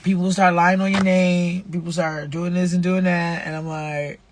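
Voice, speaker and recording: A woman's voice: fairly low pitch, flat delivery, moderate pace, a little hiss or hum. A woman, casually sharing faith advice and reading a devotional aloud, repeating herself and using slang. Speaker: vlogger running a nonprofit.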